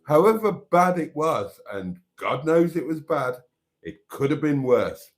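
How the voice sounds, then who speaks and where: A man's voice: on the high side, very animated, a little slow. A man hosting a casual live stream, rambling and self-mocking and laughing easily.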